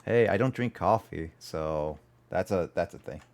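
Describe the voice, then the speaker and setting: A gaming streamer with a low, clear, resonant voice that's a bit creaky chats at a measured pace during a livestream. He's animated and rambling, often correcting himself mid-sentence.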